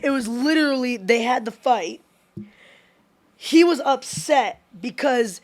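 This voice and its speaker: A young woman telling a story in casual podcast chat, chatty and laughing often, with lots of "like". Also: fairly high pitch.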